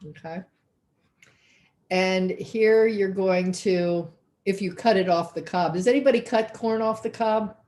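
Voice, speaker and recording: A woman's voice: mid-range voice, a little slow, darkish tone. Chatty woman teaching an online cooking class. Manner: chatty and folksy, thinking aloud. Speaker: cooking instructor.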